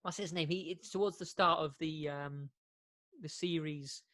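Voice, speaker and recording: Rambling, laughing podcast co-host. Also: male voice, fairly high pitch, steady tone, normal speed, pushed and bright, dry recording. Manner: rambling, laughs often, many restarts. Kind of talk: casual chat.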